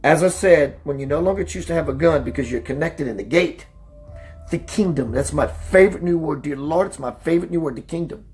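A man hosting a spiritual talk radio show, preaching emphatically, slowing down for emphasis and greeting listeners by name. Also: faint music behind. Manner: slows down for emphasis, voice dips low and quiet.

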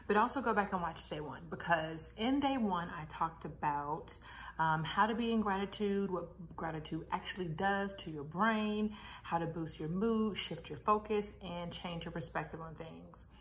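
A woman talking in a chatty, animated way in a casual motivational vlog, laughing at herself now and then. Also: on the low side. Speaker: vlogger. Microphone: camera mic, reading notes.

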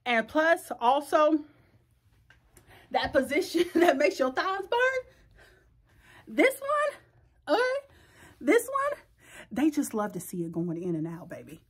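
A woman's voice: sits high, big pitch swings, a little slow, slightly rough. A woman, chatting frankly and bawdily to the camera from her bedroom, often laughing and joking. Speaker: vlogger. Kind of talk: casual chat to camera.

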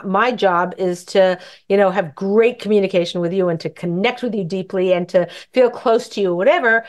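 Chatty woman giving advice. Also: mid-range voice. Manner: chatty, rambling, acts out dialogue. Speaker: host answering questions. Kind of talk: casual advice talk.

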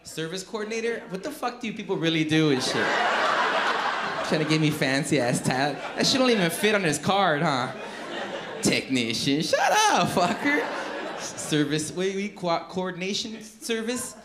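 A high-voiced male comedian works the crowd, teasing audience members with constant profanity. He sounds echoey, recorded live in a comedy club with loud audience noise around him. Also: sing-song, moderate pace. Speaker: stand-up comedian. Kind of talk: stand-up crowd work.

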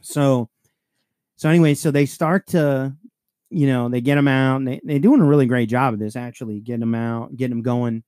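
A man's voice: mid-range voice, fairly quick, no echo. Casual cop-podcast man, curses freely, dry close mic. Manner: profane, laughing, animated storyteller. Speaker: podcast co-host, police sergeant. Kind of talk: casual storytelling chat.

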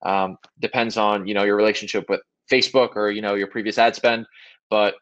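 A man hosting a webinar, chatting in a relaxed way on a video call. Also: fairly low pitch, brisk. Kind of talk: casual chat. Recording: muffled lo-fi video call audio.

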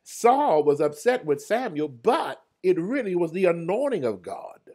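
Husky, animated preacher man. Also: high voice, a little slow. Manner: swings from loud cries to hushed murmurs, repeats phrases; calls out to online viewers by name. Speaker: preacher leading a Bible study. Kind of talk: livestreamed sermon.

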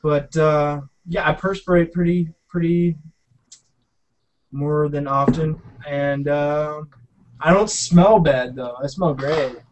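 A man's voice: a little high, slow, rough recording. A man on a casual podcast, joking but defensive. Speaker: podcast co-host.

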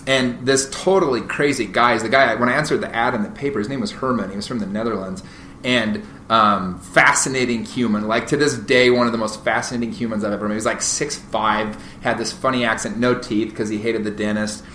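A man, a guest on a podcast, telling stories in a casual, animated way with many fillers and restarts. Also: medium pitch, a little fast. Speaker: podcast guest, real estate agent. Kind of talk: casual interview storytelling. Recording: roomy echo, faint noise.

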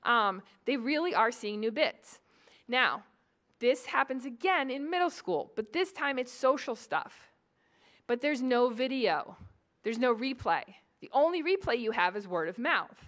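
Woman, from New England, fairly high voice, psychology lecture, playful, talks to the crowd. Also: measured pace. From New England, Boston area. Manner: lively, joking, addresses the audience directly. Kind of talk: public lecture to adults.

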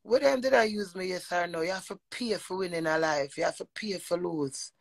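A woman with a Jamaican accent telling a personal story in an animated monologue, emphatic and profane, often slipping into quoted speech. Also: fairly low pitch, fairly quick, vocal fry, dry recording, poor audio. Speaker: vlogger.

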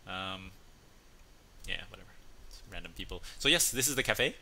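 A man's voice: low voice, lively intonation, normal speed, sharp tone. A man hosting a casual chat show, talking in a playful, chatty way and acting out voices as he tells jokes. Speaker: host. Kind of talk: casual chat, telling a joke.

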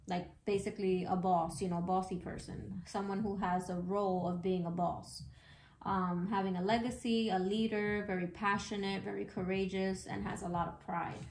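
A woman giving a casual tarot reading in a chatty, slangy way, bluntly outspoken and quick to swear. Her voice sits at a middling pitch. It rings around a reverberant room, and a steady hiss of noise runs behind it. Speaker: tarot reader. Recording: echoey room with background noise.

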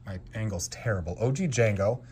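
A man giving casual unboxing commentary as a Lego collector, excitable and exclaiming at each find. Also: fairly low pitch, fairly quick, breathy edge. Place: home basement.

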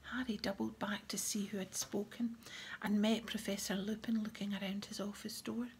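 A woman reads a novel aloud in a soft, breathy voice with a gravelly texture. Her pitch sits in the middle range, and a faint hum of background noise runs beneath her. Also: flat delivery, moderate pace. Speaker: audiobook narrator. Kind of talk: audiobook reading.

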